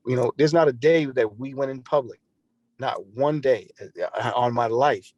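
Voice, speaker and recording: A man's voice: medium pitch, moderate pace, a little mellow, no room sound, lo-fi sound. Earnest man telling a story, dry sound. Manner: earnest, repeats and restarts phrases while recounting. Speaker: podcast guest. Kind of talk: conversational storytelling.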